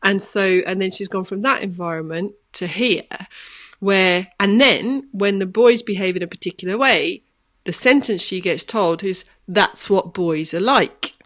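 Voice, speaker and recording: A woman's voice: mid-range voice, moderate pace, a bit bright. A woman in her thirties co-hosting a podcast, telling a story in a thoughtful, earnest, casual way. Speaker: podcast co-host. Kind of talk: casual conversation.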